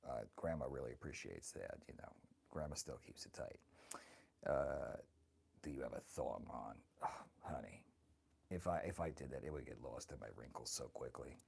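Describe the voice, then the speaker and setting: A man's voice: very deep voice, normal speed, a little mellow, exaggerated voice. A man voicing a crude, flirty grandmother of great age who teases her viewers and calls them honey, chatting with his stream audience in character. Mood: bawdy. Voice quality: gravelly. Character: crude flirty ancient grandmother, bawdy and vain. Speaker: livestreamer. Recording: noisy background.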